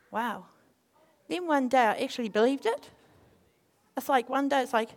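A woman giving an informal sermon, mixing scripture with animated personal stories. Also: mid-range voice, brisk, creaky. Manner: animated, acts out quotes in voices, laughs. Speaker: speaker.

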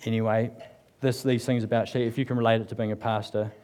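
A man's voice: lowish voice, level tone, quick pace, darkish tone. A man giving a casual, humorous sermon to a live congregation. He talks in a chatty, joking way, full of fillers, and reads passages aloud. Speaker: church speaker. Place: church service with live congregation.

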